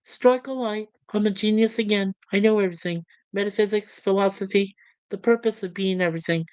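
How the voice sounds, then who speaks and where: A woman's voice: mid-range voice, fairly even intonation, brisk, a little mellow, dry recording, natural voice. A woman doing a boastful genius computer. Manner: boastful, testy. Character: proud female ship computer, suddenly genius.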